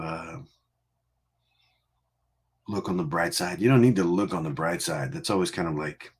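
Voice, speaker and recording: With a low, creaky voice that has a breathy edge, a livestream music show host from Connecticut, USA chats playfully, teasing and rambling with frequent laughter.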